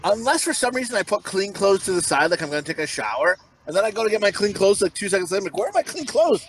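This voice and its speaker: A middle-aged man co-hosting a podcast, rambling and swearing as he tells stories, with loud acted-out quotes. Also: high voice, animated, racing, slight background noise. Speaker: podcast co-host. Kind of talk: casual comedic chat.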